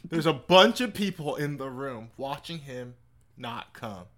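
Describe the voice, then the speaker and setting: A man co-hosting a casual comedy chat, teasing and dry with quick comebacks. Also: mid-range voice, animated, a bit bright. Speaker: podcast co-host.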